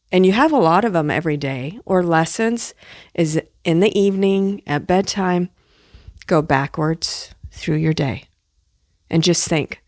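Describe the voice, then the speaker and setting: A woman's voice: fairly low pitch, no room sound, clean studio sound. Chatty woman teaching spiritual lessons. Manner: animated, chatty, playful asides.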